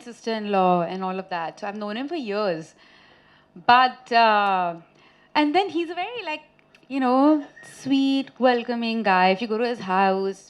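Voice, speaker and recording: A woman in her thirties from India, an actress chatting with reporters at a press meet, telling lively anecdotes and laughing often. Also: mid-range voice. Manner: chatty, laughing, animated storytelling.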